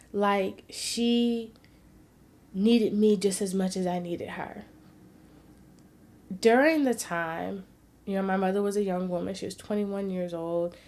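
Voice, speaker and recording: A woman vlogger earnestly telling a personal story in a reflective, sometimes soft-spoken way. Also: medium pitch.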